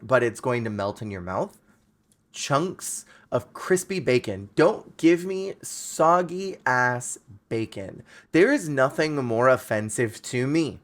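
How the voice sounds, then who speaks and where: A man hosting a podcast, chatting casually and ranting playfully in an animated way. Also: medium pitch. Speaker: podcast host. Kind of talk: casual chat.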